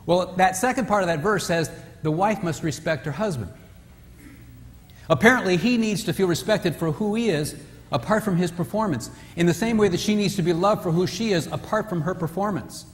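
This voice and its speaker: High-voiced man telling stories in a hall. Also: fairly quick. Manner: animated storytelling, acting out characters. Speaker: retreat speaker. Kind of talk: humorous marriage seminar talk. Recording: reverberant hall.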